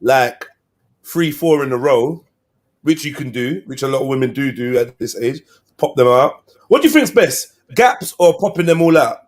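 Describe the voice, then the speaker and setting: A man, hosting a live stream and chatting casually with slang and shout-outs to viewers. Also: mid-range voice, expressive, normal speed. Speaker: livestream host.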